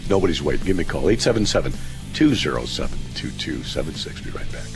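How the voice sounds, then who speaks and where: A man hosting a call-in radio show, telling stories in an animated way, often laughing and acting out other people's shouting. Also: very deep voice, fast, over music. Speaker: radio host. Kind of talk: casual storytelling on call-in radio.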